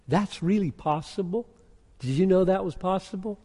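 A pastor preaching a sermon, moving from quiet musing into loud, intense emphasis. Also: male voice, high voice, unhurried, breathy edge. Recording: echoey hall with long reverb.

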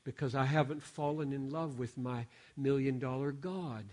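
A man preaching from a stage microphone in a large sanctuary. His voice sits at an ordinary male pitch. He moves between quiet, confiding asides and sudden loud, emphatic bursts. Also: normal speed. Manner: dynamic, swings from hushed asides to loud emphatic exclamations. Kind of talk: sermon.

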